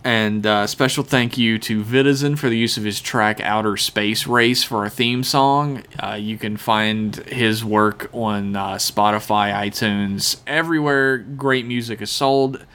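A man's voice: fairly low pitch, steady tone, measured pace, few pauses, fairly bright tone, smooth. A man co-hosting a podcast, talking casually with crude swearing, rambling and laughing. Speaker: podcast co-host.

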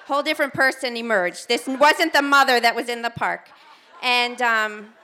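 An American woman telling a personal story on a theater stage, animated and self-mocking, acting out what people said. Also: on the high side, moderate pace, slight background noise. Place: theater stage before an audience.

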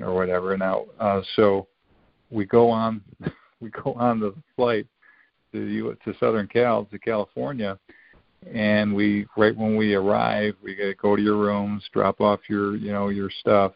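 A man in his fifties tells old stories in a loose, rambling way, doubling back and acting out quotes. His voice is low and gravelly. The recording sounds dry and a bit dull, with a lo-fi edge. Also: flat delivery, measured pace, dry recording. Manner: rambling, full of restarts and quoted dialogue. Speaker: podcast guest, former college football player. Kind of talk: casual storytelling.

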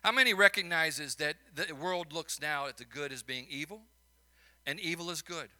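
A man's voice: on the high side, moderate pace, sharp tone. A man with a Chicago accent, a minister preaching a sermon and telling stories, building to emphatic peaks between folksy asides.

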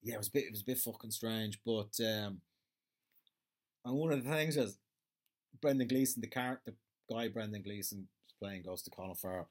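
A man's voice: on the low side, brisk. An Irish man with a rambling, sweary, off-the-cuff manner, chatting casually on his own as a podcast host. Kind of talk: casual solo chat.

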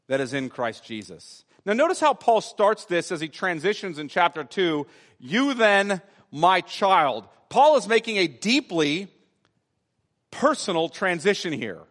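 A man with a slightly higher voice preaches an expository sermon in a church sanctuary. He presses his points through repetition and slows down on the words he wants to land. His voice carries a long hall reverb. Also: a bit bright. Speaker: pastor.

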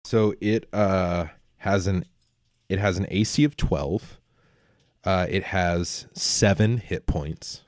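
A man playing a tabletop game, walking through his rolls and rules aloud, animated and laughing often. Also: low-pitched, takes it slowly, no room sound, studio quality. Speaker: player.

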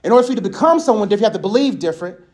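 A man giving a casual sermon, telling stories in an animated, conversational way and laughing often. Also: high voice, racing. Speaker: speaker.

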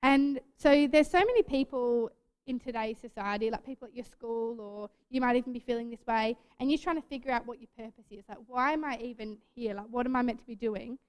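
A woman's voice: on the high side, fairly quick, smooth. A young woman telling a chatty personal story in a casual devotional talk to a youth group, full of "like" fillers.

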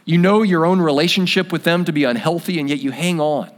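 Earnest male preacher, slightly high voice. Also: brisk. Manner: earnest, reflective preaching with soft drops on key lines. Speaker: pastor. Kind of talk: sermon.

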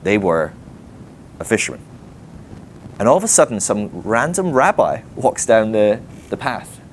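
A man preaching to a live group in a conversational sermon, animated and chatty, with frequent asides and rhetorical questions. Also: lowish voice, a little slow, slight background noise. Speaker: guest preacher. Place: teaching session before a live group.

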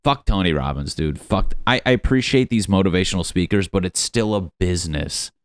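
Low-voiced man on a profane rant. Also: brisk, no room sound, clean studio sound. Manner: profane, rambling, mocking. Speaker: podcast host. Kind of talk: casual comedic rant.

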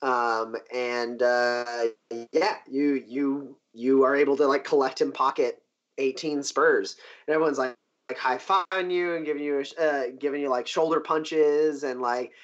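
A man narrating a tabletop game as game master, animated and loose, often jumping into high cheering crowd voices. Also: measured pace, highs cut off.

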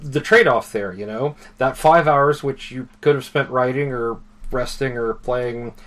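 Male podcast host, relaxed rambling talker, average pitch. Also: unhurried. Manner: rambling, many fillers and restarts. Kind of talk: casual chat.

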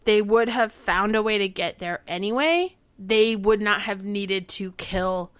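A woman's voice: mid-range voice, a little slow, clear, resonant tone, no echo. A woman in her thirties from the United States, co-hosting a casual podcast chat and speaking in an emphatic, profane way that gets worked up. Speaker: podcast co-host.

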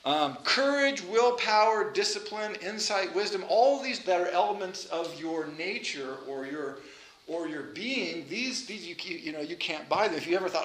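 A fairly high, bright male voice lecturing in a chatty, animated way, with self-deprecating asides. The sound is roomy and echoey, as in a lecture hall, with a faint hiss behind it. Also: normal speed. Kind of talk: informal lecture.

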